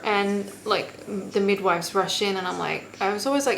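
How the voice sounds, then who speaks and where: A woman's voice: medium pitch, normal speed, gravelly, few pauses, fairly bright tone, poor audio. Candid, swearing young woman vlogger. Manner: candid, swears freely, acts out quotes. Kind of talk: casual storytelling to camera.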